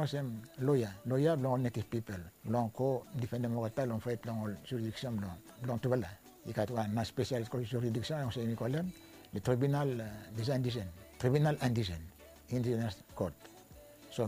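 Older ni-Vanuatu man, mellow voice. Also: medium pitch. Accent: Bislama-speaking ni-Vanuatu. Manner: slow, searching, mixes Bislama with English and French. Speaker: interviewee. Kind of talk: oral history recollection.

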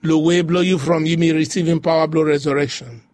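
A man's voice: on the high side, fairly even intonation, a little fast, darkish tone, a little hiss or hum. A man preaching a devotional sermon, repeating phrases in a rhythmic, rising way. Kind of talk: devotional sermon in pidgin English.

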